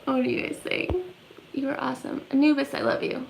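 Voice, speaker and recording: A woman's voice: high voice, level tone, brisk, vocal fry, a little hiss or hum. A woman vlogger telling a story on a livestream in a rambling, chatty way, full of fillers, in an echoey room. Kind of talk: casual storytelling.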